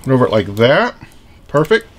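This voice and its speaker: A man's voice: mid-range voice, big pitch swings, moderate pace. A man hosting a casual cooking vlog, talking upbeat and straight to viewers while he grills outdoors on a cold, windy day. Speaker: grilling channel host. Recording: outdoor recording with loud grill sizzle. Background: food sizzling on the grill.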